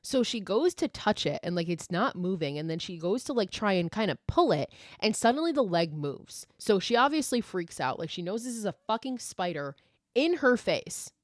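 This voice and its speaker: A woman's voice: mid-range voice, sing-song, normal speed, no echo, clean studio sound. A woman podcast host recapping a horror film in a casual, chatty way, swearing freely and saying "like" often.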